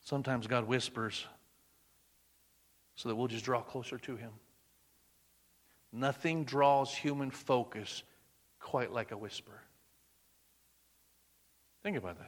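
A man preaching a sermon, swinging between loud emphatic bursts and hushed, near-whispered lines. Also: mid-range voice, unhurried, long pauses.

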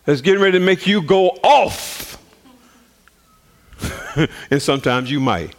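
A man preaching on the radio, telling personal stories in an animated way and often laughing. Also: measured pace. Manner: animated, laughs often, swings pitch widely.

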